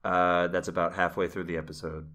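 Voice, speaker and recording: A man's voice: low-pitched, flat delivery, a little fast, a bit bright. A man casually recapping a TV episode on a podcast, rambling with fillers. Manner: rambling, with frequent fillers and laughs. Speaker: podcast host.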